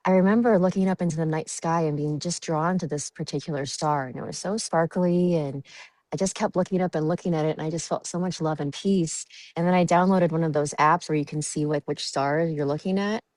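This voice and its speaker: A woman's voice: deep voice, brisk, a little mellow, no room sound. A woman guest chatting on a podcast, giggly and dreamy, with many fillers. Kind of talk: casual podcast chat.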